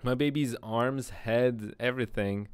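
A man's voice: medium pitch, measured pace, smooth, no room sound. A young man giving laid-back, joking commentary while streaming a game. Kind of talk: casual gameplay commentary.

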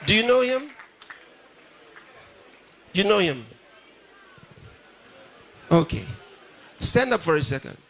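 A man's voice: high-pitched, big pitch swings, slow pace, long pauses, fairly bright tone. A pastor addressing a live audience at a ceremony, repeating his phrases and putting questions straight to the crowd. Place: large ceremony hall.

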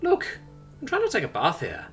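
Male narrator's bright, blunt young woman governor, raised pitch, unbudging. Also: wildly swooping pitch, moderate pace, soft background music. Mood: insistent. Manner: blunt, stubborn, matter-of-fact.

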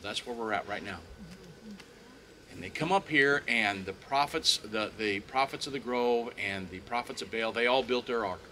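A man's voice: mid-range voice, normal speed, pushed and bright, slight background noise. A man telling a Bible story with animation, acting out what the characters say, outdoors at the site of the story. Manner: acts out the quoted speakers, with frequent restarts.

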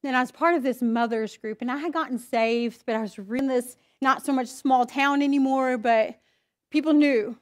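A woman with a high voice gives a personal testimony at church. She speaks candidly and with feeling, slipping into her own inner voice as she tells the story. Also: normal speed. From Idaho, US.

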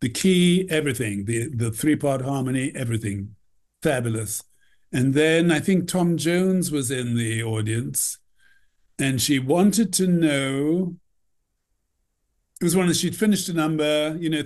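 A man's voice: fairly high pitch, expressive, measured pace, darkish tone. A man recounts backstage memories as an interview guest, rambling and peppering his talk with "you know". He slips into acting out the people he quotes. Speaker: costume designer, guest. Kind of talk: anecdotal interview storytelling.

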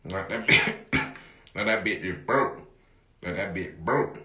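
A man hosting a livestream, talking casually to his viewers in a loud, rambling, profane way and often shouting. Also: sits low, slow pace, echoey room.

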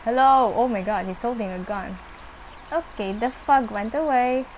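A young woman casually commenting on her gameplay, chatting to the animals on screen and squealing when excited. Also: a little high, moderate pace, a little hiss or hum, low-quality recording. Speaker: gameplay streamer.

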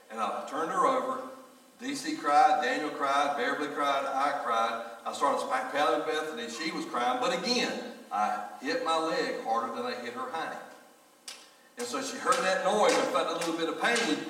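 A middle-aged pastor delivers a sermon in a church sanctuary, telling folksy stories and addressing his congregation directly. His fairly high voice is bright and forceful, captured from far off in an echoey church hall.

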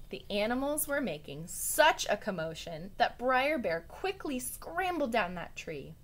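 A woman teacher reading a story aloud to students in an expressive way, with chatty asides to the children. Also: on the high side, a little slow, few pauses.

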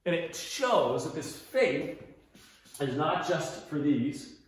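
A man's voice: fairly high pitch, sing-song, slow pace. A man with an American accent leading a casual Bible study lesson in a church room, explaining as he points along a map, with frequent restarts. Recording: very echoey room.

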